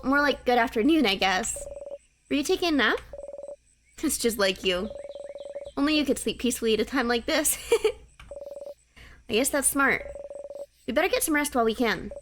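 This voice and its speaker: A woman's voice: high voice, noisy background, pitched above the performer's own voice. A woman doing a bubbly young woman. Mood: sweet. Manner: bubbly, sweet, fussing. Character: cheerful eager young woman friend. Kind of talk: reading game dialogue aloud. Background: game music.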